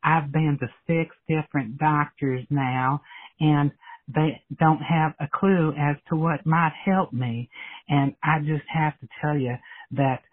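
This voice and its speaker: A man's voice: on the high side, steady tone, slow. A man calling in with a comedic impression of a brawny, tough-talking 1980s celebrity who wears gold chains, in a boastful, aggrieved, rambling manner. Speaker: caller. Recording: tinny phone line.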